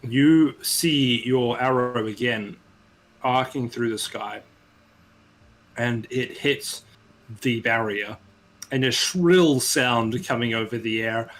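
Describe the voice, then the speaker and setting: A man's voice: medium pitch, slow pace, fairly bright tone. A man narrating scenes and calling for rolls as game master, encouraging the players. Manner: descriptive, encouraging, with fillers.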